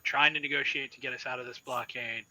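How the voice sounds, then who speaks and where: A man's voice: medium pitch, steady tone, quick pace, pushed and bright, poor audio. A man doing a drunken old space captain. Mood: placating. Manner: bellowing, swearing. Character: drunken elderly male ship captain, crude and blustering.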